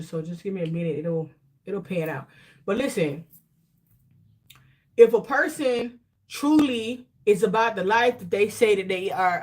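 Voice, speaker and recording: Woman tarot reader, casual and preachy; repeats herself for emphasis, somewhat high voice. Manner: emphatic, repetitive, preachy advice-giving; slangy, loose conversational talk. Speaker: tarot reader and spiritual coach. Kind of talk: casual spiritual tarot reading.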